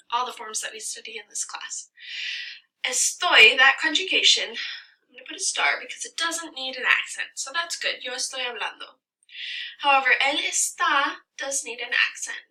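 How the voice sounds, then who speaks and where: A woman's voice: on the high side, sharp tone, distant mic, poor audio. A woman teacher giving a recorded lesson, explaining patiently and stressing the key words. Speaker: Spanish teacher.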